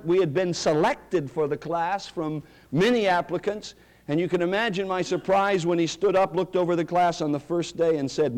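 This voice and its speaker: A man's voice: sits high, a little mellow. A middle-aged man preaching a sermon, telling stories and building to emphatic declarations. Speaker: pastor.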